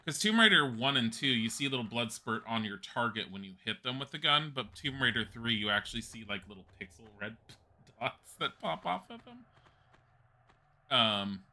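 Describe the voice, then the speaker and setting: A man's voice: medium pitch, sing-song, moderate pace, pushed and bright. A man streaming a video game live, rambling and chatty in casual commentary, laughing often and swearing casually.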